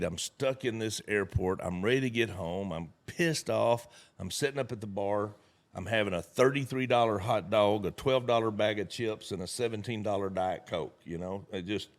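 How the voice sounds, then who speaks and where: A middle-aged man with a drawl and a somewhat low voice holds the floor in a relaxed conversation. He tells folksy anecdotes and slips into the voices of the people in them. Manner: folksy, animated storyteller acting out quotes. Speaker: network marketing leader, guest speaker. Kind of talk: casual storytelling conversation.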